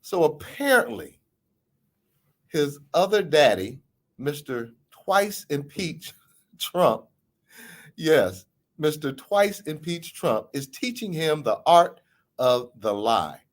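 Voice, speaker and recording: A man's voice: big pitch swings, takes it slowly, long pauses. A man hosting a podcast and giving emphatic, theatrical political commentary. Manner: emphatic, theatrical delivery with big pitch swings. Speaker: podcast host.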